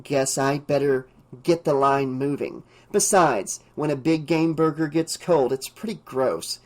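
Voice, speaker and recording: A man's voice: a little high, fairly even intonation, measured pace, lightly acted. A man voicing a nosy, jealous teenage girl in an audiobook, chummy and prying. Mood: sly.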